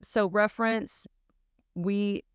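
A woman's voice: medium pitch, fairly even intonation, takes it slowly, clean tone, dry recording, clean studio sound. A young woman from South Mississippi co-hosting a true crime podcast, playful and teasing. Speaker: podcast co-host. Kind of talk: casual true crime chat.

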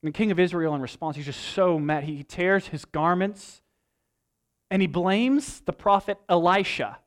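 A man preaching a sermon, retelling a scripture story in an animated, storytelling way, building to emphatic peaks. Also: high-pitched, moderate pace. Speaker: pastor.

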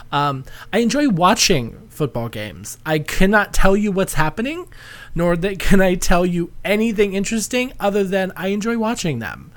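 A man's voice: fairly high pitch, a bit bright. Giggly rambling man hosting a podcast. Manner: giggly, rambling, self-deprecating. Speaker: podcast host. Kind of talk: casual podcast chat.

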